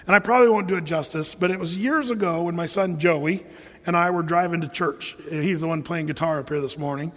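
A middle-aged man preaching a sermon in a church, telling stories in an animated way with loud bursts. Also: high-pitched. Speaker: pastor. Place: church hall. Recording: church hall reverb.

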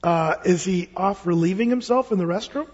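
Man playing an offhand, mocking prophet, husky, relaxed; hall echo. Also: high voice, normal speed. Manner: offhand, teasing. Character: wry prophet, adult man, calm and mocking. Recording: reverberant hall, dull lo-fi sound.

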